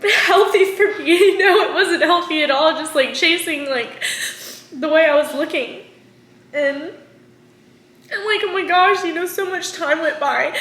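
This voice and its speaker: In a roomy-sounding space with a little hiss or hum, a woman in her twenties vlogs an emotional, casual confession. Her high voice has a fairly bright tone, and she's candid, full of fillers, and often on the edge of tears.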